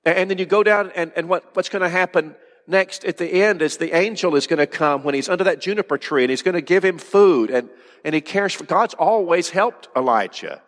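A man's voice: high-pitched, a little fast, fairly bright tone, in a large hall. A man preaching a sermon with earnest emphasis, often repeating words and dropping to a near-whisper for effect. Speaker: pastor.

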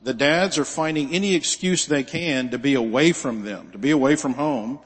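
A man delivering a sermon in a relaxed, conversational way, dropping in asides and rhetorical questions. His voice sits at a middle pitch. It carries the long reverb of a church hall. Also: moderate pace. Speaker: preacher.

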